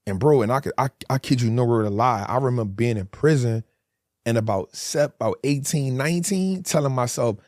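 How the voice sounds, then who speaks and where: A man's voice: medium pitch, a little fast, a little mellow, no echo, studio quality. A man in his forties, a guest telling hard stories in a candid interview, emphatic and full of street slang.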